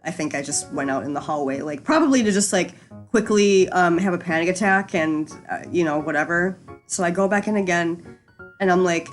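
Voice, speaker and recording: A woman's voice: lowish voice, a little fast, soft background music. Frank, rambling young woman telling a story. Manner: rambling, frank, swears freely, many fillers. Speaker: storyteller host. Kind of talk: casual storytime chat.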